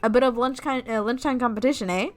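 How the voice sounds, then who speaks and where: A game streamer with a slightly high voice talks fast, giving giggly, rambling commentary while playing a dating game and reading its text aloud. She swears often, and faint music plays behind her.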